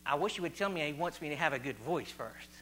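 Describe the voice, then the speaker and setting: A man's voice: fairly high pitch, expressive, fast, a bit bright, slight background noise. A man from Virginia, preaching an informal sermon and quizzing the congregation with repeated questions. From West Virginia. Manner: chatty, quizzes the audience, repeats phrases.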